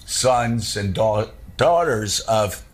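A man's voice: on the low side, animated, drawn-out words. A man speaking earnestly and emphatically as a cable news panelist. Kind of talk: broadcast political commentary.

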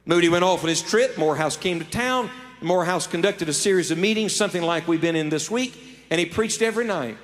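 High-voiced preacher in a reverberant hall. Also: male voice, quick pace. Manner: impassioned, swinging from hushed storytelling to loud appeals. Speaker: evangelist. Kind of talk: sermon. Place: large meeting hall with an audience.

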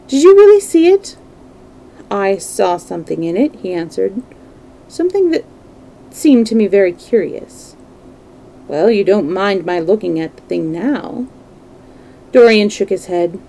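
A woman's voice: medium pitch, vocal fry, warm tone, rough recording. A woman reading a classic novel aloud to a live stream, giving the characters' dialogue a light touch of acting. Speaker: storyteller.

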